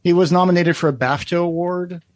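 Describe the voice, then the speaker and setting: A man's voice: sits high, fairly even intonation, fairly quick, dry recording. A man co-hosting a podcast in casual chat, rambling with many fillers and easy laughs. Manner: rambling, lots of fillers and restarts, laughs easily. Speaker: podcast co-host.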